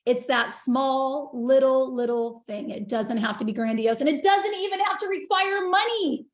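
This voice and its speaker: A high-voiced woman talks with gushing passion over a video call. Her voice rings in an echoey room, and she sounds close to tears. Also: normal speed. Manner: gushing, passionate, wells up with emotion. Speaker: guest on a group video call. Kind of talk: emotional casual sharing.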